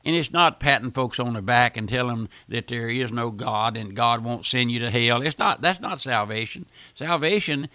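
A man's voice: medium pitch, moderate pace, few pauses, bright, forceful tone, no room sound. An older man preaching a fiery radio sermon, folksy and emphatic, repeating phrases and rising to bursts of force.

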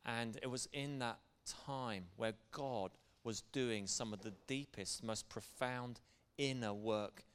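A man's voice: medium pitch, slow, smooth. A middle-aged man preaching a sermon as pastor, speaking in an earnest, conversational way. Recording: long hall reverb.

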